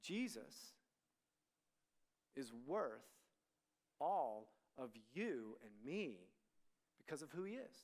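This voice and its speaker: A man delivering a conversational sermon to students, his voice sitting high for a man. He acts out the dialogue of the people in the story as he goes. Long reverb from a large hall trails after his words. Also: sing-song, slow pace, long pauses, darkish tone. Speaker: student ministry speaker.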